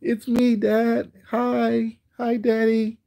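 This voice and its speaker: A man putting on the voice of a needy little pet chick that begs for attention, in a squeaky, pleading, repetitive way. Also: monotone, very slow, gravelly, warm tone, heavily acted.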